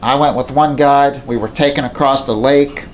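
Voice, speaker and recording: A man's voice: mid-range voice, fairly even intonation, moderate pace, a little hiss or hum. Folksy man telling a hunting story. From southwestern Pennsylvania. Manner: plainspoken, folksy, repeats himself. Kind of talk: casual storytelling to camera. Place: indoors at home beside a mounted moose.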